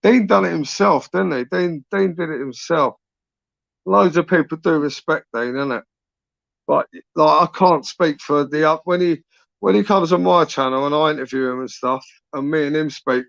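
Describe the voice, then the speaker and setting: A man hosts his channel in a loose, rambling live chat, peppering his talk with swearing and "innit". His voice sits a touch high. The sound is dry and a little dull, with no room around it. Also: moderate pace, gravelly, fairly bright tone, dry recording. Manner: rambling, sweary, frequent tag questions. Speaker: YouTube channel host. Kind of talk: casual live-stream chat.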